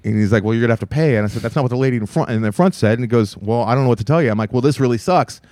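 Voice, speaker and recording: Man, fast-talking podcast co-host, animated storytelling, acts out dialogue, dry sound. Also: medium pitch, no room sound. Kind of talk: casual storytelling chat.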